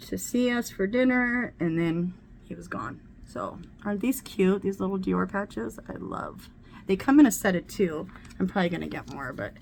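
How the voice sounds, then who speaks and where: A woman's voice: fairly low pitch, vocal fry, a little mellow, a little hiss or hum. A middle-aged woman vlogging casually at home while doing her makeup, talking candidly and swearing freely. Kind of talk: casual get-ready-with-me chat.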